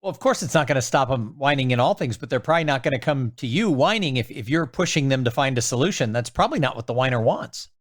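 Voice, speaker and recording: A man hosting a podcast interview who asks casual, quick follow-up questions. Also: mid-range voice, expressive. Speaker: podcast host.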